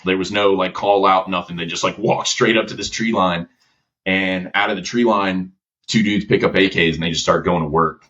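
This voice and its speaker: Low-voiced male guest, casual slangy storyteller, muffled recording. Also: moderate pace. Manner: relaxed, slangy, many fillers. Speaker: podcast guest, veteran. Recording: dull lo-fi audio.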